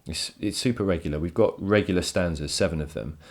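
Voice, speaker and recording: A man with a very low voice talks through a poem for his students. He explains with enthusiasm and repeats words as he works out each point. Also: quick pace. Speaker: teacher. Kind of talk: recorded poetry lesson. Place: home.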